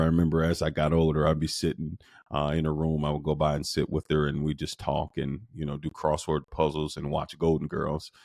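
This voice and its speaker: A man hosting a podcast, telling a personal story in an animated way, his voice lifting as he gets excited. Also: dry recording, studio quality. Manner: animated, lifts his pitch when excited, frequent restarts. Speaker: podcast host.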